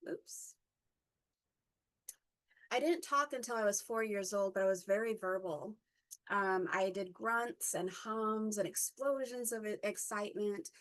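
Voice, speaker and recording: Halting woman in her fifties, reflective. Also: medium pitch, rough recording. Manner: halting, with frequent fillers and self-corrections; occasional stutter. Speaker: workshop speaker. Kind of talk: personal reflective storytelling.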